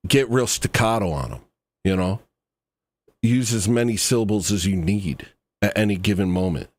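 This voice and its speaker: Low, dry-voiced man ranting on a stream. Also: moderate pace, no echo. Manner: rambling, mock-serious, trails off into asides. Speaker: livestream host reacting to a video. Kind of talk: rambling satirical livestream commentary.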